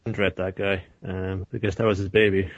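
A man co-hosting a casual anime review chat, understated with deadpan quips, on a dull lo-fi recording. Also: low-pitched, normal speed, no room sound. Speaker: podcast co-host. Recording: dull dry lo-fi sound.

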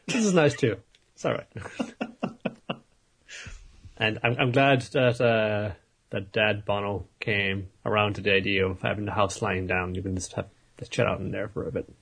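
A man with a husky, slightly rough voice recaps cartoon episodes with friends. He laughs often and breaks into goofy impressions of the characters while telling the story. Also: lowish voice, a little slow, pauses often, fairly bright tone. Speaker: podcast co-host. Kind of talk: casual anime recap chat.

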